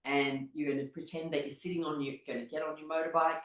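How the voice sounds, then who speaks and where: A woman teaching a laughter exercise class, her instructions broken up by loud bursts of rhythmic laughter. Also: low-pitched, little pitch movement, fast, reverberant. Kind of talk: guided laughter exercise session.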